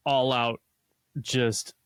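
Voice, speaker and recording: A man co-hosting a podcast in casual chat, easygoing and agreeable, getting excited about the shows. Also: medium pitch, drawn-out words, clear, resonant tone, no echo, clean studio sound. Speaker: podcast co-host.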